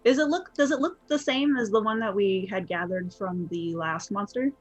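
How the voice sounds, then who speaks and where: A woman's voice: medium pitch, moderate pace, dull audio. A woman playing a tabletop game, talking playfully and describing her character in the third person. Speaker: player. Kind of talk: casual tabletop game talk.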